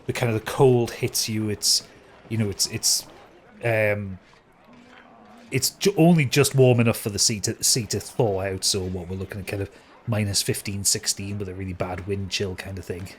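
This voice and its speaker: Man running a tabletop game, lowish voice, halting and rambling delivery, slight noise behind. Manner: rambling, hesitant, heavy fillers. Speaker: game master.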